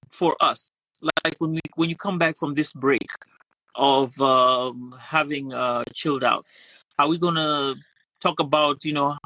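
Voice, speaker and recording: A man's voice: on the high side, bright, forceful tone, no room sound, rough recording. A man co-hosting a podcast in casual chat, speaking in an encouraging, conversational way. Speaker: podcast co-host. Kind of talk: casual live-stream chat.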